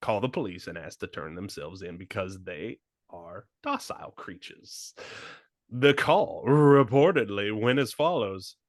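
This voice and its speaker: A man's voice: fairly low pitch, lively intonation, measured pace, no echo, clean studio sound. A man co-hosting a casual comedy podcast, joking crudely. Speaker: podcast co-host.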